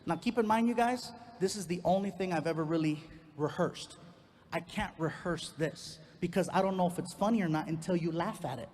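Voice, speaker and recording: A man doing stand-up comedy, telling a long personal story in an animated way and leaping into loud high voices for his characters. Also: brisk. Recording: reverberant venue with faint background noise.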